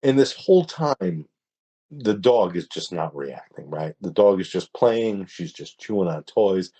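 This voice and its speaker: A man, a podcast guest, tells a story in a casual, halting way, often restarting his sentences. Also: sits low, expressive, dark tone. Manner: hesitant, halting, with many restarts.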